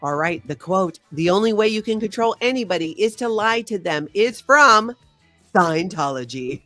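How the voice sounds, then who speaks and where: A woman's voice: medium pitch, animated, normal speed, bright, forceful tone, no echo, soft background music. A woman hosting a live-stream quiz, reading viewer names and scores aloud. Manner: reads out chat names and scores, upbeat. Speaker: host. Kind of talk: live-stream game chat.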